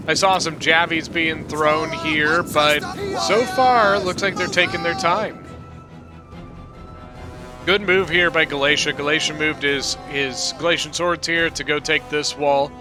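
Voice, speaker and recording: A man giving casual, rambling commentary on a strategy game replay, correcting himself as he goes. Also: on the high side. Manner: rambling, self-correcting, chatty. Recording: clear background music.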